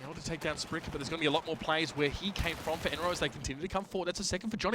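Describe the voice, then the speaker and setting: A man giving colour commentary on an esports match, analysing strategy in a chatty way and getting louder when the plays heat up. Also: a little high, fairly even intonation, rapid-fire, hardly any pauses, slight background noise. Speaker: esports caster.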